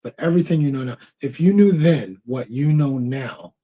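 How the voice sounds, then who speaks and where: A man's voice: medium pitch, normal speed, dark tone, husky. A man co-hosting a live Q&A stream, talking bluntly in casual chat and repeating himself to press his point. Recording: dull lo-fi stream audio.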